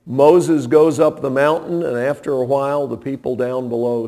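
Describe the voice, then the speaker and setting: A man preaching a sermon, telling folksy stories and swinging from hushed tones to loud, impassioned appeals. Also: medium pitch, fairly even intonation, normal speed, hardly any pauses. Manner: folksy, storytelling.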